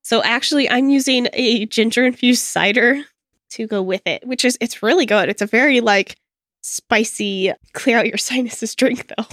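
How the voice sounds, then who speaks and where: A woman's voice: fairly high pitch, moderate pace, fairly bright tone, dry recording, studio quality. A woman player getting over a cold, chatting casually and giggling at a tabletop game podcast.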